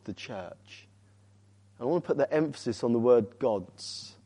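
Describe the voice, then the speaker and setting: A man preaching a sermon as a visiting speaker, urging the congregation with rhetorical questions and swinging from loud emphasis to quiet, weighty words. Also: medium pitch, lively intonation, measured pace.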